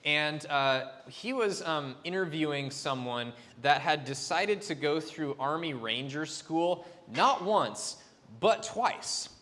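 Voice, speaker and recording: A man's voice: a little high, expressive, slow, bright, forceful tone. A man preaching a sermon as a pastor, chatty and loose, with fillers and restarts. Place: church sanctuary. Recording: long reverb of a church hall.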